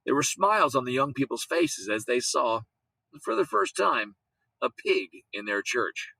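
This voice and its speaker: A man reading a children's story aloud in an expressive, lively storytelling manner. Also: medium pitch, a little slow, creaky, no room sound, low-quality recording. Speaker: audiobook reader. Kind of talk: storybook read-aloud narration.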